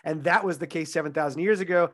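A man co-hosts a casual film review podcast, talking in a measured, explanatory way. His voice sits a little high for a man. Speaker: podcast co-host.

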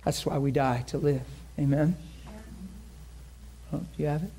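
A man's voice: fairly high pitch, measured pace, vocal fry, mellow. A man preaching a sermon to a congregation, telling a story in an earnest, conversational way and acting out the voices of the people in it. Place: church in front of a congregation.

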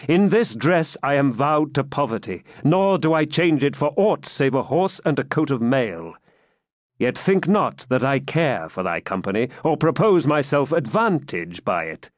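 Male reader as a stern pilgrim-knight: grave, commanding, lively in pitch, dry sound. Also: a little slow, dry recording. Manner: grave, commanding, archaic speech.

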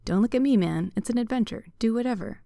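A woman's voice: a little high, fast talker, vocal fry, mellow, dry recording, studio quality, voice pushed up. A woman voicing a snide, casual young man in a story reading.

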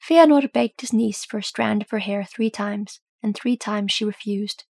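A grim, weary ranger, read by a woman, speaking gravely and measuredly as he tells an old tale. The voice is rough with fry and a touch husky. It is a close, dry audiobook reading. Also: medium pitch, moderate pace, darkish tone, no echo.

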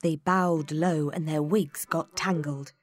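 A woman narrating a children's storybook in an expressive, unhurried way. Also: low voice.

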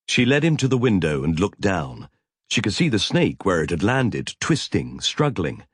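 A man's voice: low-pitched, big pitch swings, normal speed, breathy edge, dry recording, studio quality. A man narrating a science fiction audiobook in a vivid, tense storytelling manner.

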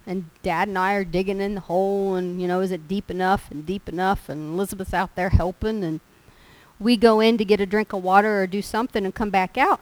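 A woman's voice: medium pitch, rough recording. A woman preaching a sermon in a folksy, storytelling way. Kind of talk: sermon with personal stories.

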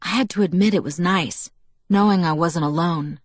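A woman reading a novel aloud in first person, with steady, measured storytelling. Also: lowish voice, no room sound. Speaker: audiobook narrator.

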